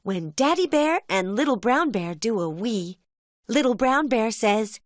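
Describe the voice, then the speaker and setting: A woman telling a children's cartoon story as narrator, in a gentle storybook manner. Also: fairly high pitch, expressive, measured pace, no room sound, clean studio sound.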